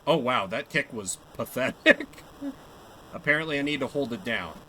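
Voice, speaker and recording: A man in his young adult years talking through a game on stream. His voice is bright and forceful, and it swings widely in pitch as he rambles, jokes and mocks his own play. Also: lively intonation, normal speed, a little hiss or hum, rough recording. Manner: chatty, self-mocking, laughs often. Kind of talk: live gameplay commentary.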